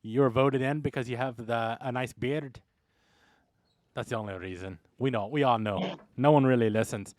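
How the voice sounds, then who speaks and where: A man's voice: medium pitch, moderate pace, a little mellow, dry recording, clean studio sound, natural voice. A man voicing a boisterous, teasing dwarf big brother with a hearty, mocking manner.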